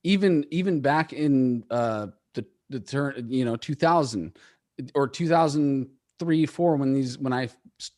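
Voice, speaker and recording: A man's voice: medium pitch, a little slow, a little mellow. A man with a Californian accent chatting casually, laughing often and ending sentences with dude. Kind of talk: casual chat.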